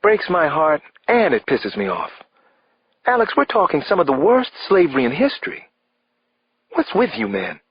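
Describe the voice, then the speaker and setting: A male narrator voicing a droll female FBI analyst with a deadpan, wry delivery, his voice raised. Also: sits low, normal speed, slightly rough, no room sound, pitched above the performer's own voice, full character voice. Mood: indignant. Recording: slightly dull, dry audiobook recording.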